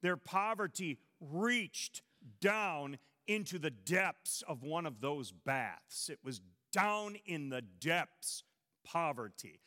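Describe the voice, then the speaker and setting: A male pastor preaching with a bright, ringing voice, leaning hard on key words and then sinking to quiet lows. His sermon carries the long reverb of a large church hall. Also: lively intonation, takes it slowly. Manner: emphatic preaching, swings between loud stresses and low drops.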